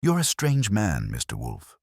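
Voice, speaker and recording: A man's voice: lowish voice, huge pitch swings, unhurried, slightly rough, dry recording, clean studio sound, voice pushed up, full character voice. A man reading the lines of a guarded woman on a phone call, cool and clipped. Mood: quiet.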